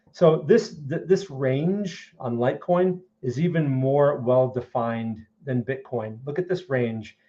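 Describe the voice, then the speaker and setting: A man's voice: mid-range voice, warm tone. Man, New York accent, opinionated market streamer, muffled lo-fi audio. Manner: blunt, opinionated, talks directly to viewers. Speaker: market analysis streamer host. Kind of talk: live market commentary.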